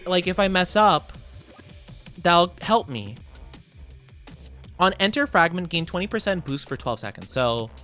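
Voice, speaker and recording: A bubbly, excitable man chatting his way through a game on a live stream, giggling often and rambling with plenty of fillers. His voice sits fairly high for a man and swoops up and down with lively energy. Faint game music plays underneath. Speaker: VTuber streamer. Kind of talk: casual live gameplay commentary.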